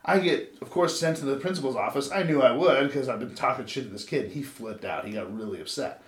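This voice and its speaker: A man's voice: medium pitch, a little fast. Casual podcast guy in his 30s from LA, swears a lot, rambles on, kinda echoey room. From Los Angeles, USA. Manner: profane, rambling storyteller. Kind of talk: casual chat. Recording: roomy echo.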